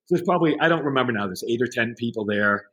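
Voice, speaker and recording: A man's voice: medium pitch, racing. Brief: middle-aged male guest spinning an anecdote, conversational, mid-range voice. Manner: animated anecdote-telling with quoted voices. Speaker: podcast guest. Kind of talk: casual storytelling.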